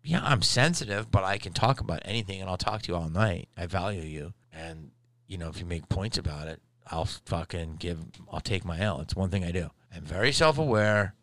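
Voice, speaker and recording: A tired man, a podcast host and stand-up comic, ranting and telling a story in a profane, animated way with sudden loud outbursts. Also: sits low, a little fast, no echo. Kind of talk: casual ranting monologue.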